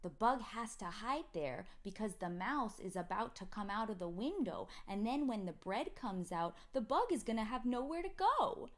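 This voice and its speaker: A woman voicing her earnest little toddler daughter, who slowly and insistently explains things. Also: medium pitch, very animated. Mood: insistent explaining. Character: earnest little girl, toddler, matter-of-fact.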